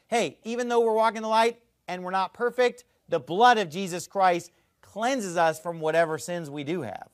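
A man's voice: high-pitched, normal speed, clear, resonant tone, no room sound, clean studio sound. A man preaching a sermon as a pastor, emphatic and argumentative.

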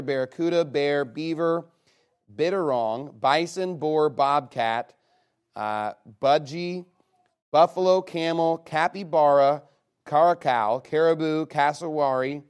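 A man's voice: fairly high pitch, clear, resonant tone. Chatty man rattling off a list. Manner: rattles off a long list with quick chatty asides. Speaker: game leader reading out his list to players. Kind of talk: casual game with a live audience.

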